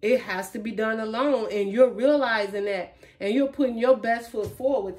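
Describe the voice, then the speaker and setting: A woman's voice: on the high side, normal speed, few pauses, darkish tone. A woman giving a casual tarot reading, chatty and emphatic, talking straight to her viewers. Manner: emphatic, chatty, emotional, addresses viewers directly. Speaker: tarot reader.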